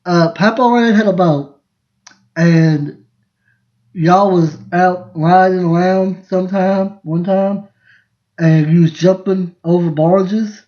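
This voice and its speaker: High-voiced and slow, with fairly even intonation, a man hosts a podcast on a laid-back live stream. He rambles and laughs through family stories, restarting sentences partway, in a recording that sounds dull and lo-fi.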